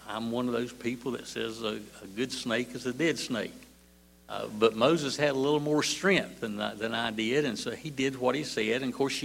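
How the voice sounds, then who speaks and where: An older man preaching a sermon, slow and halting, with many fillers and repeated words. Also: mid-range voice, creaky, a bit bright, a little hiss or hum.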